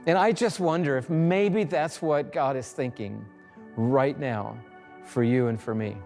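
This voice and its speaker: A male pastor delivering a sermon, telling the story dramatically with pauses and acted-out lines. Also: mid-range voice, creaky, a little mellow. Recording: reverberant hall with faint music.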